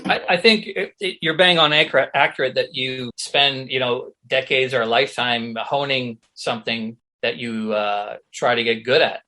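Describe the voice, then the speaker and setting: A man's voice: mid-range voice, moderate pace, few pauses. A middle-aged man from Canada, a guest actor and comedian, telling casual anecdotes and acting out the voices of the people he quotes. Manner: animated storyteller who acts out quoted voices.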